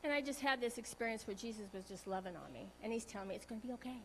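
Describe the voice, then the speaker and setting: A woman tells a personal faith story to a congregation in a slightly high voice. She is earnest and emotional, often stopping and restarting her sentences. A faint hum runs underneath. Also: animated, quick pace, fairly bright tone, poor audio. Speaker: speaker sharing a testimony. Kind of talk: personal testimony in a church talk.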